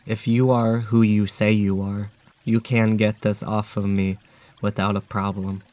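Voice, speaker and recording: A man voicing a huge menacing talking wolf, delivering threats in a flat, measured way. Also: fairly low pitch, no room sound, close to an everyday voice.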